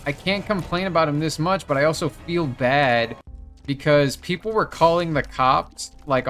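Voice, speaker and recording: A man hosting a gameplay video, telling a long rambling story in casual chat, swearing often. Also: mid-range voice. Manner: rambling storyteller, swears a lot, many fillers. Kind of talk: casual chat while playing a game.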